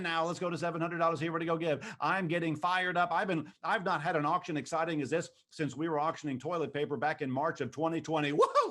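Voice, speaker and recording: A man running a live online charity auction, hyping bidders and rattling off a quick auctioneer's chant. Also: fairly high pitch, a bit bright.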